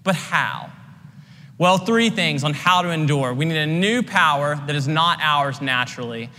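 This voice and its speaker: A man's voice: on the high side, lively intonation, normal speed, bright, forceful tone, in a large hall. A young man preaching a sermon as pastor, earnest and conversational with many casual "like" fillers.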